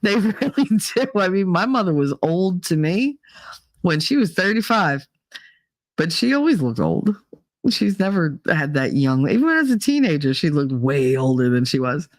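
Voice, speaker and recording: A woman's voice: lowish voice, normal speed, no room sound. Woman, 30s, casual rant, laughing and swearing, dry close sound. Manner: animated, laughs often, swears, acts out quoted voices. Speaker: podcast host.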